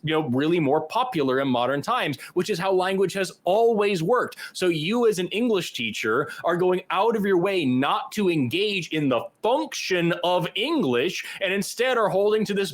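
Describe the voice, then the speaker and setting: A male co-host pushes back on a caller in long, emphatic runs of argument. His voice sits a little above the usual male pitch. He sounds firm and quick, piling point on point. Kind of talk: call-in debate.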